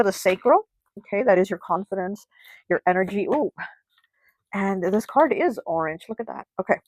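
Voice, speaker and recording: A woman's voice: fairly low pitch, dry recording, poor audio. Chatty woman reading tarot, dry sound. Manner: chatty, loose retelling full of "like" and "you know". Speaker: tarot reader. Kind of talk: casual tarot reading and storytelling.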